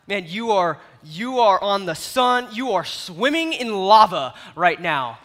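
A man preaching a sermon, telling a parable with lively, animated storytelling that swings between loud and quiet. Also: high voice, unhurried, few pauses. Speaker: youth pastor. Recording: long reverb of a large hall.

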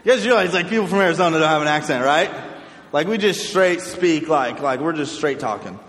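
A fairly high-voiced man gives a relaxed talk to a youth group, chatty and loose in his phrasing. He repeats words as he goes. His voice rings through an echoey church hall with a long reverb tail. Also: fairly quick. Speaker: youth pastor. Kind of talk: casual youth sermon.

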